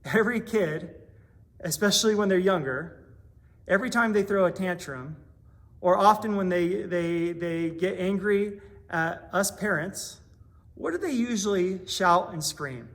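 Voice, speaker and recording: A man with a high voice delivers a sermon in a small church. He talks in an earnest, conversational way, leaning into his points with growing emphasis. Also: unhurried, a bit bright. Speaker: pastor.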